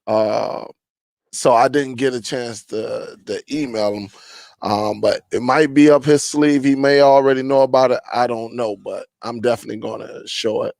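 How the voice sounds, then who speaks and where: Creaky-voiced man hosting a casual live chat. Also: mid-range voice, normal speed, no echo. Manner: relaxed, greets viewers and reads chat aloud; rambling with many fillers. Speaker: live stream host.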